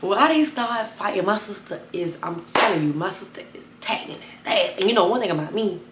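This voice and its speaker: A young woman telling a wild personal story to camera, animated and chatty, talking straight to her viewers. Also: a little fast, reverberant, heavy background noise. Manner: animated, addresses viewers as y'all, bursts of high excited retelling. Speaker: storytime vlogger.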